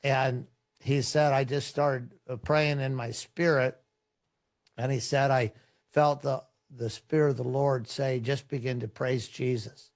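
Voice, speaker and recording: A middle-aged man, a pastor, telling stories in a relaxed, rambling way, with many fillers and restarts. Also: medium pitch, unhurried. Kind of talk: conversational storytelling in a podcast interview.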